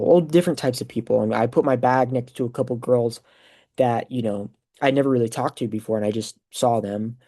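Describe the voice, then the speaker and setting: A young man hosting a podcast, telling a personal story in a casual, rambling way full of fillers. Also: medium pitch. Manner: rambling, filler-heavy, animated retelling. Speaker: podcast host.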